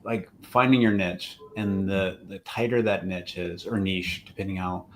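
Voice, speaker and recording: A man's voice: low voice, moderate pace, slight background noise. An American man speaking as an entrepreneur on a panel, casual and self-deprecating, with fillers and anecdotes. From United States. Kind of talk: panel discussion.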